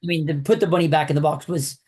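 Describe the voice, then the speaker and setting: A man co-hosting a podcast about films, rambling and halting, often ending with "right?". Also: on the high side, steady tone, darkish tone, slightly rough. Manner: rambling, halting, lots of 'right?' tags. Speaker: podcast co-host. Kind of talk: casual film chat.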